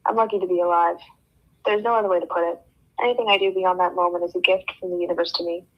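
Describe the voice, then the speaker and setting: A woman reading a novel aloud for a book club, breaking off now and then for joking comments. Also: fairly low pitch. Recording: dull lo-fi sound.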